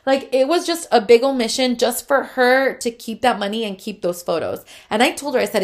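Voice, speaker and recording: A woman's voice: on the high side, brisk, few pauses. A young adult woman, a photographer, telling a heated, profane storytime rant full of fillers.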